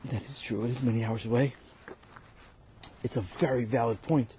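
A man teaching as a rabbi, telling a story to his students with gentle, patient encouragement. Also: medium pitch, steady tone, normal speed, pauses often, a little hiss or hum. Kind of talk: storytelling lesson.

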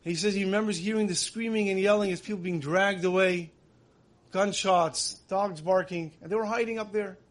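A man's voice: sits high, fairly even intonation, a little fast. A man giving a sermon, telling stories in an earnest way that builds emotion. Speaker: religious teacher.

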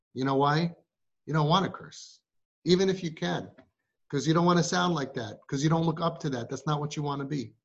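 A man's voice: on the high side, fairly bright tone. A man who guides families, giving a live talk to a group of girls and firing rhetorical questions at them. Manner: rhetorical, fires questions at the audience. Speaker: parenting guide addressing siblings. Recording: muffled recording.

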